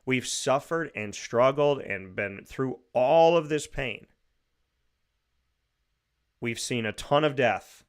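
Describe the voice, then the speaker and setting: Man, radio host, opinionated monologue, emphatic rant, mid pitch. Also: slow pace, long pauses. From United States. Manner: ranting, emphatic, quotes imagined speakers.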